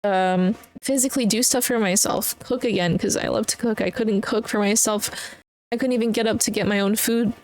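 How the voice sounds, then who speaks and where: A woman hosting her own podcast, telling a personal story in a candid, halting way with fillers and blunt swearing. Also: medium pitch, steady tone, darkish tone, dry recording, low-quality recording. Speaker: podcast host.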